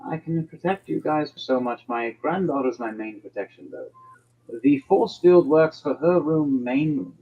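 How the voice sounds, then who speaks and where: A man's voice: a little high, lively intonation, measured pace, slightly rough. A man voicing a blunt, bossy old witch grandmother in a tabletop game, with lo-fi stream audio. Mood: proud. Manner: brusque, bossy and crude.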